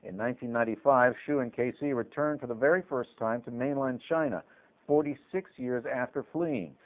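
Man narrating a documentary, scripted, even delivery, mid pitch, tinny phone-like audio. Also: a little fast.

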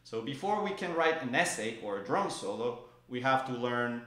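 This man's mid-range voice is animated, pushed and bright, at a normal speed, and it rings around the echoey room where he demonstrates drum technique. With drums sounding behind him, he patiently explains each motion and calls stroke names in time as he plays.

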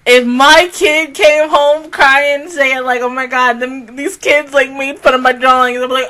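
A young woman rants through a casual reaction video in a bright, slightly high voice. She swears freely, jumps between loud outbursts and low mutters, and mimics other people in quick put-on voices. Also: steady tone, a little hiss or hum. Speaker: YouTuber reacting to anime.

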